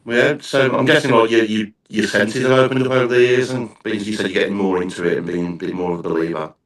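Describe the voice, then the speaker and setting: Speaking quickly and with fairly even intonation, this man has a voice on the low side and a Black Country accent. He hosts a podcast, musing aloud in casual interview chat full of rambling, restarted sentences. The room is echoey and he is distant from the microphone.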